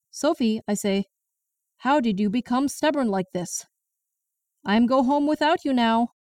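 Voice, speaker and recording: A woman's voice: a little high, a little mellow, no room sound. A woman in her sixties narrating as a stern Chinese grandmother, with a Chinese accent, broken English and a blunt, indignant manner. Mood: scolding. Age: 60s. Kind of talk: first-person audiobook narration. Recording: distant mic in a dry room.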